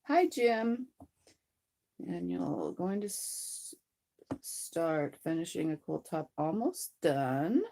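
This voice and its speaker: Low, gravelly hoarse woman chatting on a livestream. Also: sing-song, slow, mellow. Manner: rambling, chatty, reads out viewer comments. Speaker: live streamer. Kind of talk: casual livestream chat.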